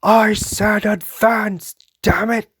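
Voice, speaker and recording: A man's voice: a little high, no echo, clean studio sound, voice pushed up. A man impersonating a roaring army commander. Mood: commanding. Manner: shouted, drawn-out battle cries. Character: rousing male army commander, fierce and bold.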